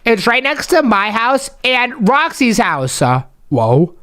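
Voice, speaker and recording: A woman hosting a game role-play, talking in an excitable, dramatic, slangy way. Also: on the high side, takes it slowly. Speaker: host.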